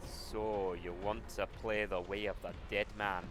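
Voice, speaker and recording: A man's voice: lowish voice, level tone, measured pace, lightly acted. A man voicing a brash, bloodthirsty male soldier, taunting his enemies over game music and gunfire. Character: brash swaggering male soldier with a put-on accent.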